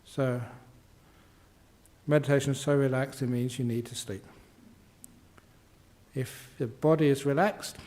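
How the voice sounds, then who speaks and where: A man's voice: medium pitch, fairly even intonation, measured pace, long pauses, darkish tone. An older man, a Buddhist monk answering questions in a humorous dharma talk, playfully acting out quotes and sound effects.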